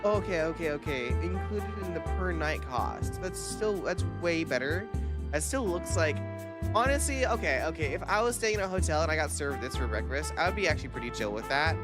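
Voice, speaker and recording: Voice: medium pitch, animated. Profane, rambling vtuber over music. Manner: rambling, profane, quick reactions with laughter. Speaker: vtuber streamer. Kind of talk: casual live-stream chat. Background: background music.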